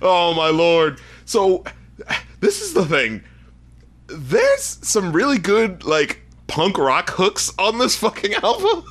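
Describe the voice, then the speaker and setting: A man co-hosting a casual album review podcast, animated and profane, laughing a lot and doing silly voices. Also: high voice, slow pace. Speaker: podcast co-host.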